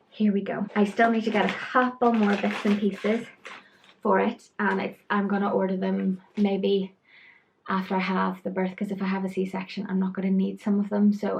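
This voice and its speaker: A woman's voice: mid-range voice, level tone, normal speed, gravelly, muffled recording. A young woman giving frank, chatty pregnancy advice to camera, trailing into asides. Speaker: pregnancy vlogger. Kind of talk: casual talk-to-camera advice.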